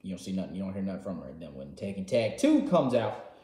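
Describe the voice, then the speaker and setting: A man casually recapping a game story, excitable and slangy, jumping from loud outbursts to quiet asides. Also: deep voice, quick pace. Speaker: gaming vlogger. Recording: roomy echo.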